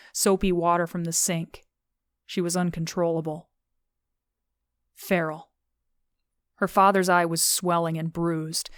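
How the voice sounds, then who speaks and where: Steady, low-toned woman audiobook narrator. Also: no echo, clean studio sound. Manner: steady, measured reading. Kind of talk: scripted narration of a thriller novel.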